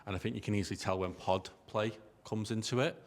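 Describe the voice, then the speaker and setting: A man's voice: on the low side, quick pace. A man on a business panel, talking in a joking, self-deprecating way. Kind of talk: casual panel discussion.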